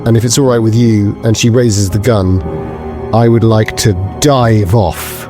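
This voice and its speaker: Guy playing a tabletop game, long-winded and self-mocking, lowish voice, music behind. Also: steady tone, measured pace. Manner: wordy, self-deprecating. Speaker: player.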